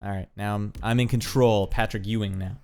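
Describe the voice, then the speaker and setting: A man's voice: fairly low pitch, steady tone, fairly quick, over music. A man playing an old basketball video game on stream, commenting casually and grumbling at the controls with wisecracks. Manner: exasperated, wisecracking, swears lightly.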